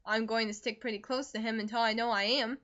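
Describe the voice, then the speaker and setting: A woman voicing a talkative young man who is recovering from a fever, brisk and jovial, in an audiobook reading. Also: on the high side, fairly even intonation, fairly bright tone, lo-fi sound, close to an everyday voice.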